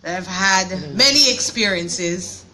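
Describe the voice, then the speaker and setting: A woman emcee speaks into a microphone with a bright, crisp voice at an ordinary pitch. She introduces the next speaker playfully, laughing easily and praising him. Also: lively intonation, takes it slowly. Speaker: master of ceremonies. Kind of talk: event introduction. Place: event hall before an audience.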